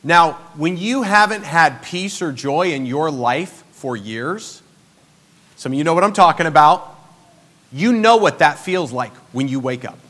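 A sermon told as a story by a forties-aged pastor whose voice is high, bright and forceful. Animated and a little slow, he shifts between quiet, almost murmured lines and loud emphatic outbursts, all in a personal, conversational way.

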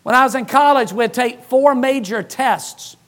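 A man preaching a sermon from the pulpit, his voice sitting unusually high. He drives his points home through emphatic repetition and lightens them with humor. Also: a little slow, a bit bright. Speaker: pastor.

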